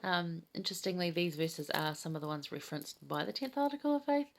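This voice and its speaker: A woman in her fifties with a low, gravelly voice, talking through scripture in a chatty, enthusiastic way. She sounds heartfelt and warm toward her listeners, as if teaching a small study group. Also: fairly quick. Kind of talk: casual gospel study chat.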